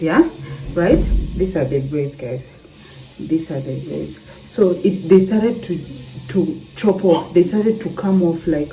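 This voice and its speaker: A woman's voice: on the low side, a little mellow. A woman chatting casually to her viewers in a home vlog, often calling them "guys.". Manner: chatty, keeps saying "guys". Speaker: vlogger. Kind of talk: casual vlog chat to camera. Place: home with building work nearby. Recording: noisy home phone recording.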